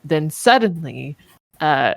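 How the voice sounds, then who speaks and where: A woman runs a tabletop game in a casual, halting way, thinking aloud as she narrates. Her voice sits fairly low, and the recording is dry and close with no room sound. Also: big pitch swings, gravelly, dry recording. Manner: casual, filler-heavy, hesitant narration. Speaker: game master.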